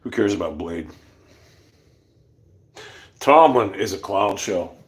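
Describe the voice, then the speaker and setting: A man's voice: low-pitched, expressive, slow. A man hosting a casual livestream, ranting bluntly with profanity and rambling asides. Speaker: livestream host.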